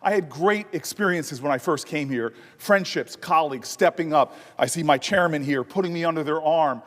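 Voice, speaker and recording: A man with a fairly high voice gives a floor speech, and his voice rings out through the long reverb of a large chamber. He talks in an animated, anecdotal way with a humorous edge. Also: normal speed. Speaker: senator.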